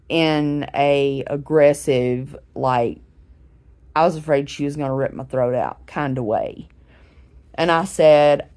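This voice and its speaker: A woman's voice: low voice, darkish tone. A woman in her forties, a vlogger who feels unwell, tells her channel a rambling, chatty story with many fillers while sitting in a recliner at home. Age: 40s. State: unwell, recovering from a head injury. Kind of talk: casual talking-to-camera vlog.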